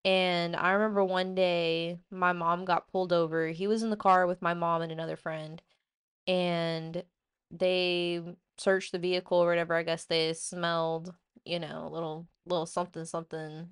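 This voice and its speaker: A woman talks straight to her audience in a loose, rambling vlog monologue, full of fillers and restarts. Her voice sits a little low and sounds smooth and clear. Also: level tone, normal speed. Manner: rambling, filler-heavy, many "like" and "you know". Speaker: vlogger. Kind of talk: casual storytelling monologue.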